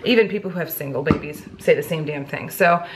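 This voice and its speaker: Indoors at home, a young woman with a low voice speaks quickly to her camera in a family vlog, background noise and music under her words. Talkative and full of slang, she slips into baby talk when addressing the infants.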